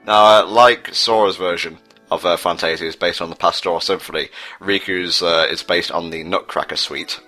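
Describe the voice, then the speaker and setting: A man's voice: low-pitched, steady tone, moderate pace, few pauses, pushed and bright, faint music behind, rough recording. A man giving casual, sarcastic commentary over a video game playthrough. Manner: dry, sarcastic, jokey asides. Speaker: let's play co-commentator.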